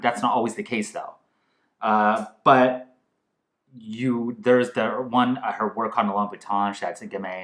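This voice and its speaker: Rambling man tasting wine in an echoey room. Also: on the low side. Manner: rambling, excitable, restarts while hunting for words. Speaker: host. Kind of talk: casual wine tasting chat.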